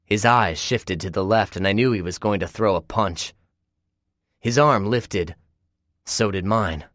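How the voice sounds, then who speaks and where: Guy reading an audiobook, lowish voice, tense clipped delivery, dry close mic. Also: measured pace, fairly bright tone, no room sound. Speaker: audiobook narrator. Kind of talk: first-person audiobook narration with dialogue.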